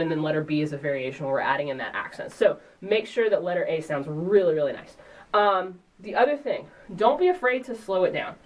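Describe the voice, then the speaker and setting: A woman drum teacher giving a relaxed, encouraging instructional lesson in a percussion studio and counting beats aloud. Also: fairly low pitch, far from the mic, low-quality recording.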